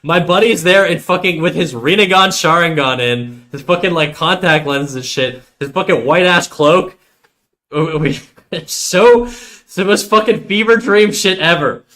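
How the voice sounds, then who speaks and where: Animated, foul-mouthed male streamer. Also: a little high, a little slow. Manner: animated, profane, talks straight to chat. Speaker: live streamer. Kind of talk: casual storytelling to a stream chat.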